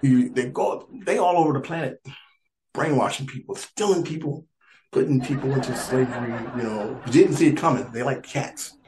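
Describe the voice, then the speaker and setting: A male comic rambles through a stand-up set, looping back on phrases and stumbling over restarts while chuckling at his own lines. His voice sits at a mid pitch. The recording sounds echoey, with a faint hiss of noise behind him. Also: normal speed. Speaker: stand-up comedian.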